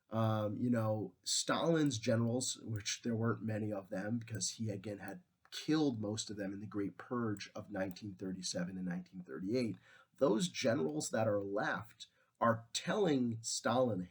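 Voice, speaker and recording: A man's voice: medium pitch, husky. A man teaching history in a casual lecture, conversational and full of fillers.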